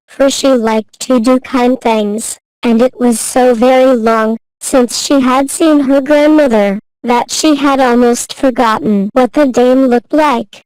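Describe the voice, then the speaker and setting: A woman narrating a classic fairy tale in a slow, careful, even reading voice. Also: on the high side, clear, resonant tone, no echo, rough recording. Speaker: storyteller.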